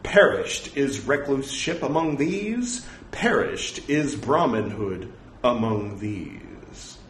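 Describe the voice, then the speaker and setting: A man's voice: medium pitch, sing-song, takes it slowly, echoey room, a little hiss or hum. A man reading the part of an indignant Brahmin husband from scripture, speaking scornfully. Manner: scornful, denouncing.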